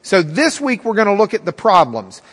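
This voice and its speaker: A man in his fifties teaching a Bible class in a conversational, halting way, with many ums and restarts. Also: high voice, wildly swooping pitch, fairly bright tone, breathy edge. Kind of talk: storytelling lecture. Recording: long reverb in a large room.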